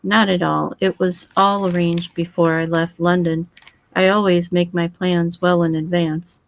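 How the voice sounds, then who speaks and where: A woman's voice: fairly low pitch, level tone, vocal fry. A woman reading as a fussy foreign detective. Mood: measured. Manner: formal, measured speech.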